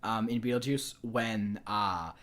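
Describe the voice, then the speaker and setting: A man's voice: on the low side, fairly even intonation, slow pace, fairly bright tone. Rambling, hesitant man co-hosting a podcast. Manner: rambling, hesitant, lots of fillers and restarts. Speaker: podcast co-host. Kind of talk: casual film-discussion chat.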